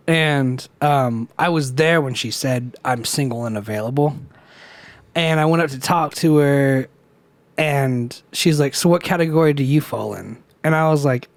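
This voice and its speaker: A man's voice: mid-range voice, no room sound. A young man co-hosting a casual podcast, telling a rambling story, swearing freely and acting out the people he quotes. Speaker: podcast co-host. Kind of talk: casual chat.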